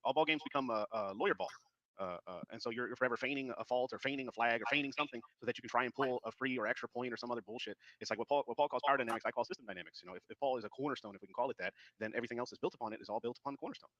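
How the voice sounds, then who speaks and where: A man's voice: medium pitch, very fast, fairly bright tone, no room sound, highs cut off. A man joining an online panel as a guest, speaking with many hesitant fillers. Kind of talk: casual panel chat.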